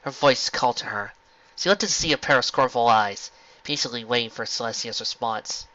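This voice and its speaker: Expressive male story reader, lively, bright, dull audio. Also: mid-range voice, fast talker. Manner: expressive narration. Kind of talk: fan fiction reading. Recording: lo-fi home recording.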